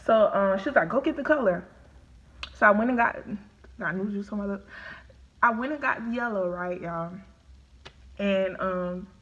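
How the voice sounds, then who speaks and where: A woman's voice: medium pitch, muffled recording. A woman vlogger telling a story to her viewers in casual, chatty talk, during a live-streamed eating video. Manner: chatty, animated, talks to viewers as y'all. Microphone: phone or webcam on live stream.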